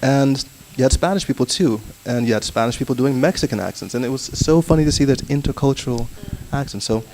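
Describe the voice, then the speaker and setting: Fast-talking man on a discussion panel. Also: medium pitch, background noise. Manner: animated, puts on voices to make points.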